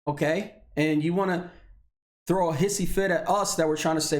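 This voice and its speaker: A man in his thirties from Indiana, a military veteran, delivering an unscripted, profane personal rant that swings between heated anger and low, weary tones. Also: fairly even intonation, normal speed. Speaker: video blogger, military veteran.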